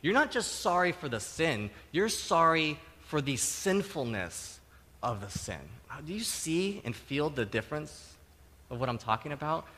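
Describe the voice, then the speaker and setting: A middle-aged man delivers a sermon in a bright, forward voice that ranges widely in pitch. He keeps things conversational with frequent tag questions and breaks into loud, animated acted-out quotes. The sound carries a long hall reverb from a church sanctuary. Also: a little slow. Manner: animated, acts out quotes with sudden loud outbursts. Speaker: pastor.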